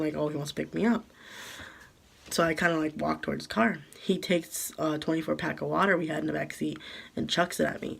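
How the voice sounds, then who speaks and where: A young woman telling a painful personal story to camera, halting with many fillers and holding back tears. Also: low voice, creaky. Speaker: vlogger. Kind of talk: storytime vlog.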